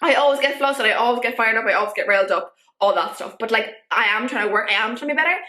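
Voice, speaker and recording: A woman's voice: fairly high pitch, rapid-fire, pushed and bright, echoey room. A woman talking casually to camera in a vlog, chatty and full of filler words, getting fired up as she goes. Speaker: vlogger. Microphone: camera mic.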